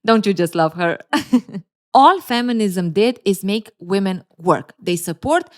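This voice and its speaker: A woman hosting casual relationship commentary, speaking at a medium pitch. She teases and jokes sarcastically and laughs often. Her delivery is animated and full of playful asides. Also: slow pace.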